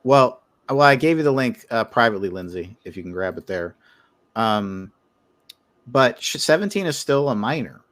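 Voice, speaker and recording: A man's voice: mid-range voice, expressive, normal speed, fairly bright tone, no room sound. Man, livestream host, teasing, sarcastic, lots of fillers, dry sound. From Brooklyn, New York. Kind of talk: casual commentary chat.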